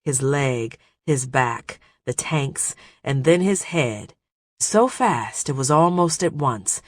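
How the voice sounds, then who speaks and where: A man narrating an adventure audiobook in a steady, measured storytelling voice. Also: medium pitch, no echo, clean studio sound. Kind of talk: scripted narration.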